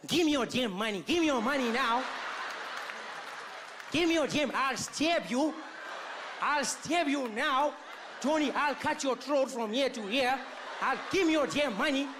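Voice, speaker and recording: A man voicing a would-be street robber with an Indian accent, shouting threats between laughs. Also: extremely high pitch, lively intonation, unhurried, long pauses, crowd noise, noisy background, voice pushed up. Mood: threatening. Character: menacing yet harmless male street robber.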